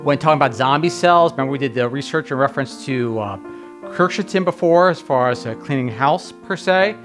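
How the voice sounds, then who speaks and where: A man's voice: mid-range voice, brisk, over music. A man hosting a health show, reading quotes from a study aloud and breaking off to add his own remarks, with fillers and restarts. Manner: reads quotes aloud, then adds asides with fillers.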